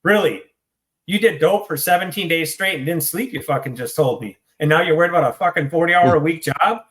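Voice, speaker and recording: A man with a somewhat high-pitched voice talks as an interview guest, blunt and full of swearing. His delivery is hyper and rapid-fire, like candid storytelling. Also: a bit bright. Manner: blunt and profane.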